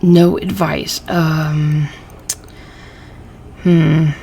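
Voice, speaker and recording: A woman's voice: deep voice, little pitch movement, drawn-out words, vocal fry, warm tone, slight background noise. A woman hosting a let's play, thinking aloud and reading game text aloud, easily irritated by the game. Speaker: gaming channel host.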